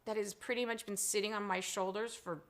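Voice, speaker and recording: A woman in her forties hosting a casual live stream, chatty and reading out viewer comments, swinging between animated and hushed talk. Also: medium pitch, a little fast. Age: 40s.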